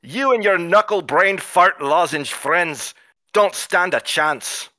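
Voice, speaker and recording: A man's voice: sits high, expressive, slow pace, sharp tone, no room sound, studio quality, voice pushed up, full character voice. A man voicing a cranky, foul-mouthed male dwarf villain in a put-on Scottish accent, hurling crude insults. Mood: insulting.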